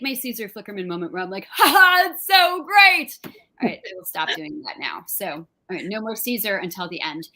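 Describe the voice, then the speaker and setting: A woman from New Jersey hosting an interview over a video call, light-voiced and gushing, with many "like" fillers. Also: a bit bright. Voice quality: light, high voice. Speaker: host. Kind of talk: conversational interview.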